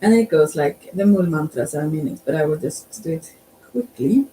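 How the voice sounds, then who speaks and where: A yoga and mantra teacher speaking softly, who often hesitates, corrects themselves and laughs quietly while trying out chants. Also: mid-range voice, brisk. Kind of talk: soft-spoken spiritual instruction. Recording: distant mic with faint ambient hiss.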